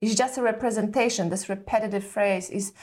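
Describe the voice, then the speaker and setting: Middle-aged woman, parenting expert guest, earnest coaching tone, checks in with short questions, average pitch. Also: steady tone, fairly quick, a little mellow. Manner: earnest, keeps asking "correct?" and "right?". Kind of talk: conversational coaching talk.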